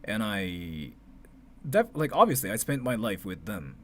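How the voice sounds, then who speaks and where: A man in his thirties from Japan with a Japanese accent, chatting casually on a livestream, animated, laughing often and swearing between filler words. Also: on the low side, unhurried. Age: 30s.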